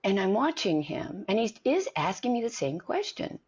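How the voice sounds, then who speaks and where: A woman's voice: medium pitch, normal speed, slightly rough. A middle-aged woman, an acting coach, telling stories in a conversation and acting out the voices in them. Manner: animated storyteller, acts out quoted voices. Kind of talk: storytelling in a conversation. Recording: dull lo-fi recording.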